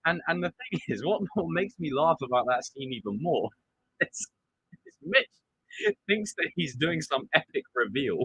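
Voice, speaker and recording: Excitable guy doing casual live stream chat, voice jumps all over, bright and punchy. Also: on the high side, moderate pace, slightly rough, no room sound. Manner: animated, excitable, acts out quotes.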